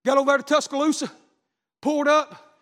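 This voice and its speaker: Fervent high-pitched preacher shouting. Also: male voice, flat delivery, brisk, big-room sound. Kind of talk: revival sermon.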